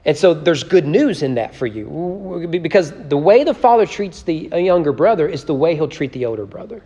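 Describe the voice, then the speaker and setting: A man's voice: on the high side, lively intonation, brisk, mellow, in a large hall, highs cut off. A man teaching a church Bible study in a conversational way, often asking "right?" and reading scripture aloud with emphasis. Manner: conversational, repeats words and tags lines with "right?".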